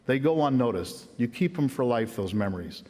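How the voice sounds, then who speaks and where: A middle-aged man at a lectern in a large ceremony hall, his words trailing off into a long, ringing reverb. He talks in an earnest, folksy way, warmly spinning anecdotes for the crowd in a voice of ordinary middle pitch. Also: lively intonation, a little fast. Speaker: hall of fame inductee. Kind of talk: acceptance speech with storytelling.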